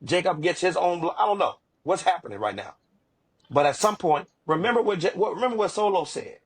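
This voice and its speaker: A man's voice: a little high, normal speed, husky. A man co-hosting a podcast, telling wrestling stories in casual chat with lots of restarts. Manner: animated storytelling with repeated restarts. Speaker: podcast co-host.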